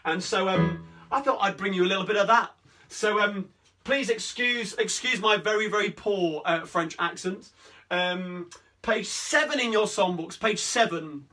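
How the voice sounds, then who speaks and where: A man with a Cockney accent chatting between songs as the host of a live-streamed sing-along, rambling cheerfully through requests and shout-outs. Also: sits high, measured pace. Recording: distant mic with guitar playing.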